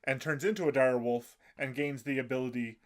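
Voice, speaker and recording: A man co-hosting a casual podcast, recapping an anime episode in a halting way with many fillers. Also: mid-range voice, fairly even intonation. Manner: halting, fills gaps with um and uh. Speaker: podcast co-host.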